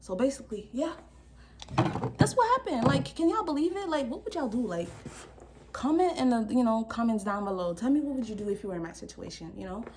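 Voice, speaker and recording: A young woman vlogger telling a story in a casual, slangy, animated way, acting out the people in it. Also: on the high side, a little fast, background noise.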